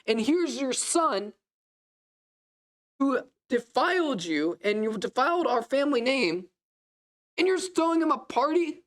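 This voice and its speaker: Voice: sits high, very animated, measured pace, long pauses, pitched above the performer's own voice. A preacher acting out a furious resentful older brother. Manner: yelling, accusing.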